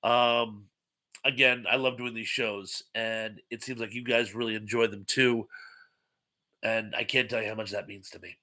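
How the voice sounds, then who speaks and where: Bright-voiced congested man hosting a live chat. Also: on the low side, steady tone, moderate pace. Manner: chatty, rambling, reads viewer comments aloud. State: stuffed up, congested. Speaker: host of a live chat stream. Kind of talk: casual live-stream chat reading comments.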